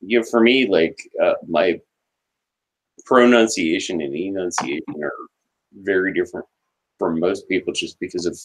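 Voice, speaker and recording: A man hosting a casual podcast chat, enunciating each word carefully, with halting restarts. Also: deep voice, low-quality recording. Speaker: podcast host.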